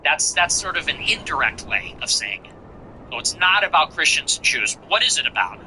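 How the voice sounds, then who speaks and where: A man with a high, piercingly bright voice hosts a commentary show, reacting to a clip. He is animated and mocking, slowly repeating phrases to pick them apart, with a faint hiss of noise behind him. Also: low-quality recording. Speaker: show host.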